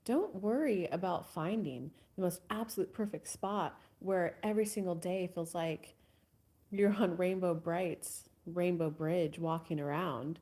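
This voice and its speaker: A woman hosts a live spiritual coaching stream. She talks in a soft, casual voice with a husky edge and a mellow, darker tone, at times sinking to a whisper. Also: fairly low pitch, measured pace. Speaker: host.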